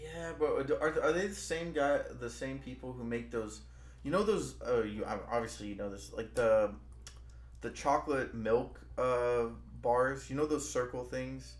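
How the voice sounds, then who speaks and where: A man's voice: mid-range voice, measured pace, reverberant. A young man, the stream host, chatting casually, rambling with many restarts and lots of "bro". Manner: rambling, restarts a lot, says "bro" often. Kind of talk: casual chat.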